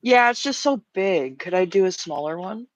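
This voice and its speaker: A woman's voice: fairly low pitch, animated, moderate pace, dry recording, dull audio. A woman streaming casual chat while drawing, flustered and rambling, laughing easily.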